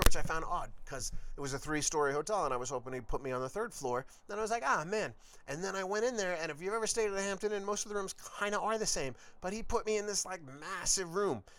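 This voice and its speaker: A man's voice: medium pitch, fairly bright tone, dry recording. A man hosting his own podcast, telling a long road-trip story in a rambling, casual, profane way. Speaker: podcast host.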